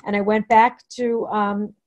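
Halting woman sharing her recovery story. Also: mid-range voice, level tone. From New York, Long Island. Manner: rambling, halting storytelling with many fillers and restarts. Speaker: recovery meeting speaker. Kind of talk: personal share at a Zoom meeting. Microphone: computer mic on a video call.

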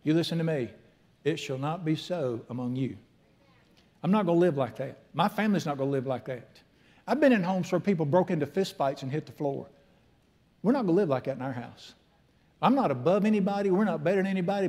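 Preacher in his sixties, slightly high voice, folksy and emphatic storytelling sermon. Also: lively intonation, quick pace, dark tone. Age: 60s. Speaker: pastor.

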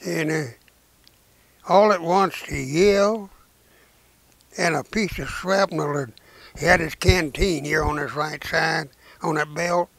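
A very old man with a gravelly voice, pitched a little high, tells his war memories very slowly. He stops often with "uh" and starts his sentences over. He was recorded close to the mic in a dry room. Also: fairly bright tone, no room sound. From Arkansas, United States. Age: 90s. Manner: slow, halting storytelling with many "uh"s and restarts; folksy rural speech. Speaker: war veteran and preacher. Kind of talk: recounting memories in an interview.

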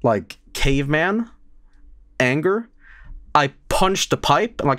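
A young male game streamer tells a story into a desk mic at home, laughing, swearing and breaking into sudden loud outbursts. He speaks slowly with frequent pauses, his pitch swinging from low mutters to abrupt yelps. The sound is close and completely dry, with no room around it.

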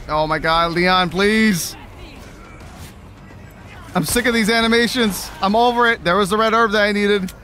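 A man's voice: high-pitched, normal speed, pauses often, bright, forceful tone, a little hiss or hum. A man streaming a horror game, swearing, exasperated and repeating himself in panic. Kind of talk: live gameplay commentary.

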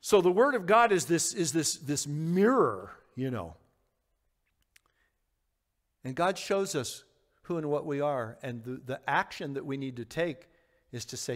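With an animated, fairly high voice at a measured pace, a male pastor works through the Bible verse by verse. He's earnest, poses questions to the listeners, and now and then performs the lines he quotes, all in a hall with long reverb.

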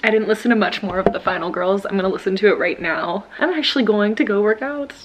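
A young woman talks to her camera at home in an easy, rambling way, often breaking into laughter. Her voice sits at an ordinary pitch, and she keeps the tone casual throughout. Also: fast talker, background noise. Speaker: book vlogger. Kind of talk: casual vlog chat.

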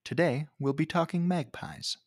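A man giving scripted narration for a nature video, with a wry, measured storytelling manner. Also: fairly high pitch.

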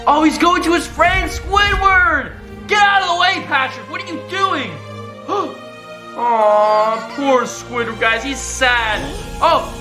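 A woman's voice: high voice, animated, slow. A woman hosting a reaction video, gasping, exclaiming and constantly calling out to viewers as guys. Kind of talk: excitable reaction commentary. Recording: roomy sound with music behind. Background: background music.

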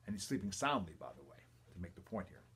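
An older man, a priest, reading the gospel and a homily in a measured, reverent way, with emphatic quotes and quiet asides. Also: deep voice, sing-song, husky. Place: church or home, livestream.

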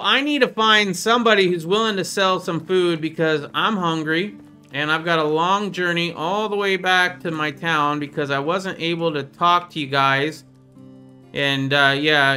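A man chatting casually over his gameplay as host, playful and quick to joke at his own expense. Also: a little high, pushed and bright, clear, resonant tone. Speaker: gaming video host.

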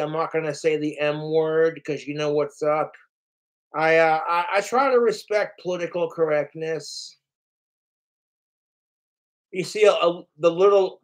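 A man hosting his livestream, ranting casually and profanely, acting out the lines of others. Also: fairly high pitch. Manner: profane, boastful, acts out quoted lines. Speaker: livestream host.

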